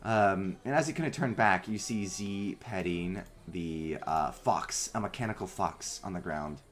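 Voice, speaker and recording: A man narrating a tabletop game as game master, halting with many fillers. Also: deep voice.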